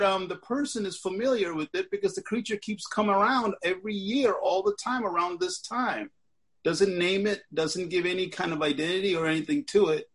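An American man talking casually as a guest in an online book club, animated and joking, speaking over a video call. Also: high-pitched, breathy edge. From United States. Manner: animated and joking, breaks into laughter. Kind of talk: casual discussion.

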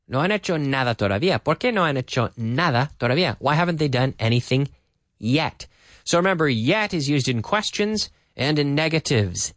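A man teaching an English lesson, repeating phrases slowly and then explaining them. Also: on the high side, expressive, fairly bright tone, no room sound, clean studio sound.

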